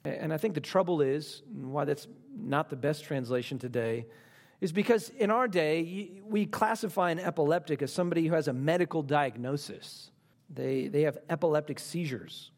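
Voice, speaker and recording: A middle-aged man preaching a sermon, stressing points by repeating phrases and slowing down on key lines. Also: a little mellow. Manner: speaks slowly on key lines and rises in pitch for emphasis. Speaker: pastor.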